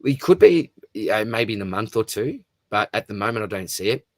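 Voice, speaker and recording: Brisk and very animated, a man with a low-leaning voice hosts a fantasy football live stream, recorded at studio quality without echo. He's matey and chatty, replying to viewers and saying "mate" constantly.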